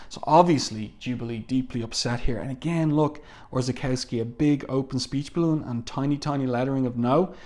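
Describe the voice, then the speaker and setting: Casual male comic reviewer, relaxed, talks through panels with ums. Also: mid-range voice, brisk, hardly any pauses. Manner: walks through panels, reads dialogue aloud, frequent ums.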